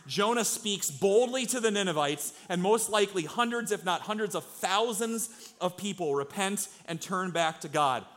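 A man's voice: high voice, a bit bright. A man preaching a sermon to his congregation in a church, earnest and conversational, with rhetorical questions to the crowd. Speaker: pastor. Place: church sanctuary.

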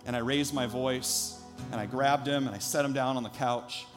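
A man's voice: mid-range voice, steady tone, moderate pace, over music. A man in his thirties, a pastor preaching a sermon, telling a personal story earnestly before building to emphatic preaching.

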